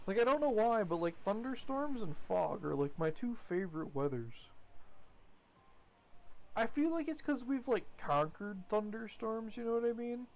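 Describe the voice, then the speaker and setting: A man rambling casually while commentating his gameplay, chatty and swearing now and then. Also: sits high. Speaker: gaming streamer.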